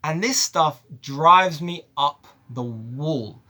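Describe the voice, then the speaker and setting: A man's voice: on the high side, slow pace. A man giving an exasperated, profane film review rant. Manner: animated, profane, exasperated ranting. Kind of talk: ranting video review.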